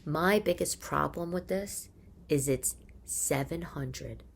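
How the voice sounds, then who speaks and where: Brief: opinionated New York mom host, slightly low voice, chatty monologue full of rhetorical questions. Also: female voice, takes it slowly, vocal fry, slight background noise. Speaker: podcast host; mother. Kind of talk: casual monologue. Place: living room.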